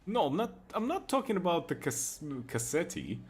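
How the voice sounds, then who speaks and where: A man's voice: sits high, sing-song, normal speed, hardly any pauses, slightly rough, soft background music. A young man joking crudely and rambling while he plays a game and answers chat. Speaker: streamer. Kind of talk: casual gameplay commentary with chat.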